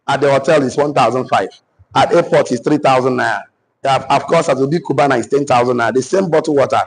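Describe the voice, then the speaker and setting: A Nigerian man coaches a class in a husky, slightly breathy voice. He dictates his points phrase by phrase and says them over and over so his listeners can take notes. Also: mid-range voice, rough recording. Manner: repeats phrases slowly for note-taking. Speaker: business coach. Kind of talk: dictated teaching session.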